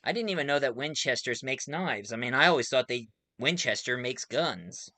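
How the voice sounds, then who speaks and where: Bright man with a put-on Australian accent. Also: mid-range voice, expressive, normal speed, no room sound. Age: 40s. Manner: chatty, self-correcting, laughs between remarks. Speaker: movie reviewer. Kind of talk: casual video review.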